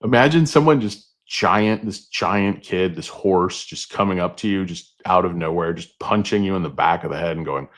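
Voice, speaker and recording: A man's voice: low-pitched, moderate pace. A middle-aged man hosting stock-market commentary, rambling through jokey asides. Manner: meandering, jokey asides, many fillers.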